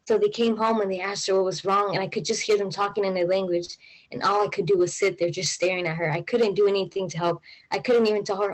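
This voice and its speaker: A woman's voice: medium pitch, fairly even intonation, fast, low-quality recording. Young woman telling a personal story. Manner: casual, many fillers, anxious retelling. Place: stage at a live event.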